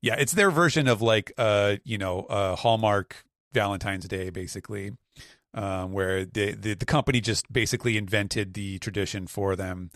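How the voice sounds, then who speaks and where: A man's voice: fairly low pitch, normal speed, a bit bright, no echo, clean studio sound. A man on a podcast panel, chatting casually and describing things in a rambling way, with lots of fillers. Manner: rambling, filler-heavy description with acted quotes. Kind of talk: casual chat.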